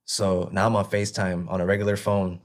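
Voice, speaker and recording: A man, the guest, telling his personal recovery testimony in a halting way, often checking "you know what I mean". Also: low voice, little pitch movement. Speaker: interview guest.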